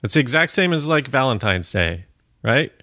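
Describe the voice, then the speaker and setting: A man's voice: mid-range voice, sing-song, normal speed, bright, forceful tone, dry recording, clean studio sound. A man hosting a casual comedy podcast, teasing and mock-bossy as he pushes his theories. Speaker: podcast host.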